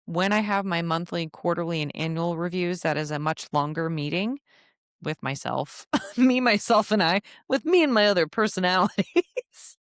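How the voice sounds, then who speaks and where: A woman's voice: lowish voice, moderate pace, no room sound, clean studio sound. A woman hosting a solo podcast, giving casual business advice in a chatty way with frequent laughs and playful asides. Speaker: podcast host and travel advisor.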